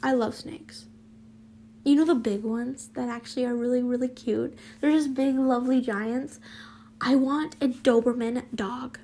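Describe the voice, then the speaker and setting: A young woman with a mellow, slightly high voice reads her fanfiction unhurriedly, her intonation fairly even. She keeps interrupting herself with giggly, self-deprecating rambles and whispered asides, against slight background noise.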